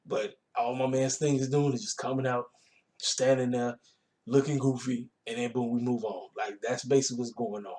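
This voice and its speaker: A man's voice: mid-range voice, flat delivery, normal speed, dark tone. A man giving a casual, rambling recap of a wrestling show, talking. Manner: laid-back, colloquial, rambling with fillers.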